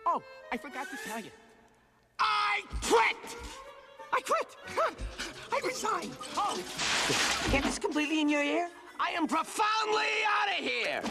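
An actor playing a brash male circus clown who rants loudly and shouts in a comic way. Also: very high voice, big pitch swings. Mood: defiant. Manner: loud rapid comic rant, shouting. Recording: film soundtrack with loud music.

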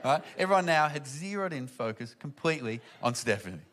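A man doing stand-up, telling animated family stories and acting out the people in them. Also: fairly high pitch, brisk. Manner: animated, acts out family members in loud voices. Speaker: stand-up comedian. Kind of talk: stand-up storytelling. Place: comedy venue with audience.

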